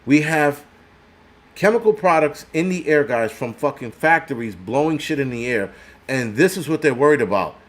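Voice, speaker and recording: An older man who hosts his own prepper channel in New York City delivers an angry vlog rant packed with profanity and sarcasm, mocking other people's voices. His medium-pitched voice has lively intonation at normal speed.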